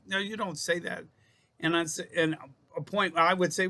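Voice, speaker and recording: Bright-voiced man giving self-help advice. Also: high-pitched, steady tone, moderate pace. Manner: rambling, repeats and restarts phrases, addresses viewers as folks. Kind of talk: casual self-help talk to camera.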